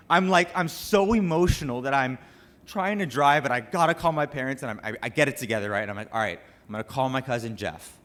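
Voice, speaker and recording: A man's voice: medium pitch, brisk, fairly bright tone. A young man, a cancer survivor, giving an earnest and emotional speech to an audience at a charity event. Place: banquet room with an audience.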